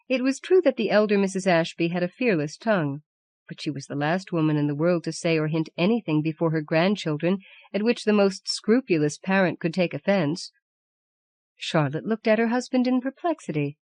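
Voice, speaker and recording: A woman reading a literary story aloud as an audiobook narrator, measured and even. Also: fairly low pitch, no room sound. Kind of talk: scripted narration.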